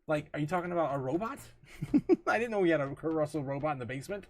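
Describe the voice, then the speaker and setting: A man hosting a casual livestream, reading viewer comments aloud, laughing often and getting excited, full of drawn-out fillers. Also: a little high. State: tipsy, recovering from a night of drinking. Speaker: livestream host.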